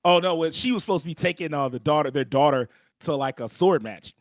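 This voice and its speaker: A young man co-hosting a podcast, recapping an anime plot in a slangy, animated storytelling manner and clearing his throat often. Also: on the high side, fast talker, no echo, clean studio sound. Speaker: podcast co-host. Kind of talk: casual anime recap chat.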